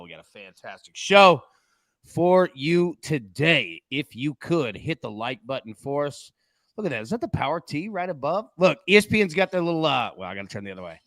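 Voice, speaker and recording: Excitable male sports betting host. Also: a little high, dry recording. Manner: animated, joking, excitable. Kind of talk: casual sports betting chat.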